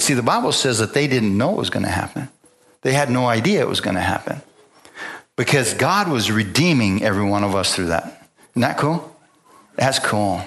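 A man preaching to his congregation in a relaxed, conversational way, with a mid-range voice. He retells scenes by acting out the characters' lines and often breaks off to restart his sentences. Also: medium pitch, normal speed. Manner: casual retelling with acted-out dialogue. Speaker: pastor. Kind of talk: sermon.

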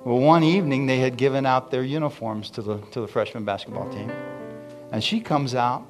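A middle-aged man preaching with an animated, storytelling manner, his voice sitting at an ordinary middle pitch. He keeps calling out to the congregation between stories, while a guitar plays softly behind him. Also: fairly quick. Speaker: pastor. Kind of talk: sermon storytelling.

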